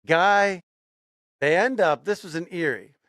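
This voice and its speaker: Man, casual podcast storyteller, slightly high voice, dry close sound. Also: measured pace, a bit bright, dry recording. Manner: repeats phrases for emphasis, frequent restarts; builds suspense while telling a story. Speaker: podcast co-host.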